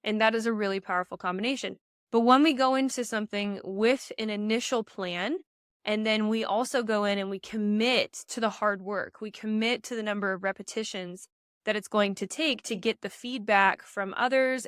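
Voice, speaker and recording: A young woman pageant coach, heavily pregnant and a little short of breath, energetically advises listeners on her podcast, calling them "you guys." Her mid-range voice moves at normal speed in a clean studio recording without echo.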